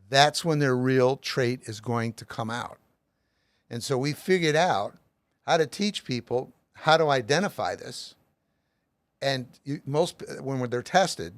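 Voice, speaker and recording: A man's voice: medium pitch, no room sound. Middle-aged guy on an interview, explains stuff with tons of examples, pretty emphatic. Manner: emphatic, uses lots of everyday examples. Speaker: author and guest speaker.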